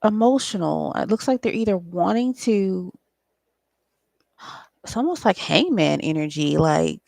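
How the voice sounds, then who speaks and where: A woman's voice: fairly low pitch, animated, a little slow, vocal fry, a little mellow, no echo. A woman giving a casual solo tarot reading, thinking aloud in a loose, profane way with frequent ums. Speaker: tarot reader and psychic channeler.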